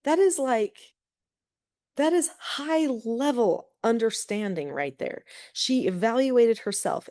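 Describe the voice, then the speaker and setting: Lively middle-aged woman telling stories. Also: a little high, takes it slowly. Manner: lively, acts out quoted voices. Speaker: guest, parenting author. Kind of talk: conversational storytelling.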